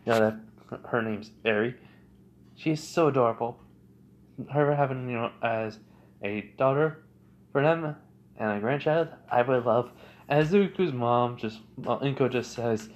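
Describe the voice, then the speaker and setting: A young man narrates fan fiction off the cuff in a mid-pitched voice. He rambles, restarts sentences and leans on fillers as he goes. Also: unhurried, long pauses, highs cut off. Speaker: fan storyteller.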